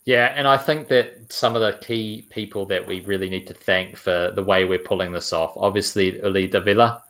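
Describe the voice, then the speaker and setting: Male podcast host, low voice, eager casual football chat. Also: steady tone, moderate pace, a bit bright. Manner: enthusiastic, asks co-hosts questions.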